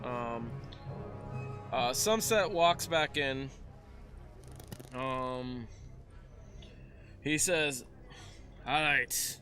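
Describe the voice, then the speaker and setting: A young man narrating as game master, halting and restarting as he describes the scene. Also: mid-range voice, fairly bright tone, soft background music. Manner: halting, many fillers and restarts.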